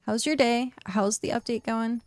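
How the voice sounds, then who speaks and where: Chatty streamer woman with gravelly fry. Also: fairly high pitch, fairly even intonation, normal speed, a little mellow, no room sound. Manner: chatty, reads chat questions aloud, frequent fillers. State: hiccuping. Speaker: game streamer. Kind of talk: casual live-stream chat.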